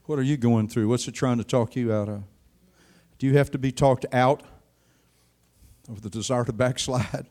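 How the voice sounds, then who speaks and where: An older man preaching a sermon, telling a personal story with dramatic swings between quiet and loud. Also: medium pitch, fairly even intonation, moderate pace, long pauses.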